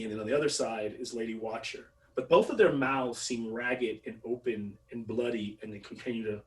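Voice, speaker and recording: A man narrating as game master in an unhurried, descriptive way with fillers. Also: medium pitch, distant mic, rough recording.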